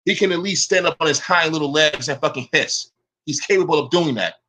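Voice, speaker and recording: A man's voice: fairly high pitch, a little fast, sharp tone, slight background noise. A man in a profane, confrontational rant to camera. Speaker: online commentator.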